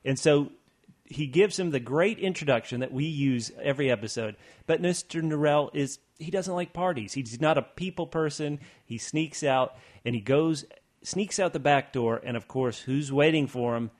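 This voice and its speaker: A man's voice: a little high, moderate pace. A man co-hosting a casual chat, recapping scenes with relish. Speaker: podcast co-host.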